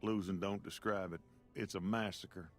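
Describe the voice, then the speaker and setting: A man's voice: deep voice, steady tone, moderate pace, faint music behind. An actor playing a folksy rural townsman with a Southern drawl, wary of strangers, in a video game. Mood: matter-of-fact. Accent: American Southern.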